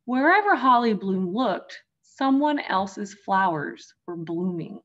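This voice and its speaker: A woman teacher reading a picture book aloud to young children, gently addressing them as friends. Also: mid-range voice, very animated, slow, highs cut off. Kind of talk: storybook read-aloud for children.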